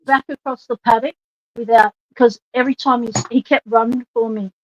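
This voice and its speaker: A woman's voice: a little high, fairly even intonation, a little fast, low-quality recording. A woman, chatting on a video call and telling a story from her own life. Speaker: guest. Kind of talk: casual chat.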